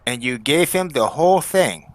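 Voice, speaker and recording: A man voicing a gruff, blunt male dwarf cleric who is questioning a witness forcefully in court. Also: fairly high pitch, expressive, moderate pace, close to an everyday voice. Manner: forceful, interrogating.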